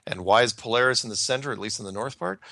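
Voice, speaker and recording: A man hosting a casual talk show, quick and excitable, often repeating words. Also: mid-range voice, gravelly, dry recording, studio quality. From United States. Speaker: radio show host. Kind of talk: casual radio chat.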